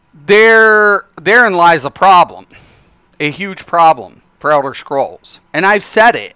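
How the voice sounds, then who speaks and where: Emphatic bright-voiced male streamer. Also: fairly high pitch, clean tone, no echo. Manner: emphatic, repeats himself, frequent fillers. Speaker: game streamer. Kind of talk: casual live-stream rant. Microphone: desk microphone.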